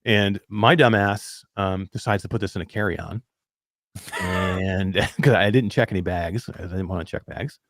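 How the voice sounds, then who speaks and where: Rambling, self-mocking man, low voice. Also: a little slow, fairly bright tone, no room sound, clean studio sound. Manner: rambling storyteller, many fillers, laughs at himself. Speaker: podcast co-host. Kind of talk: casual chat.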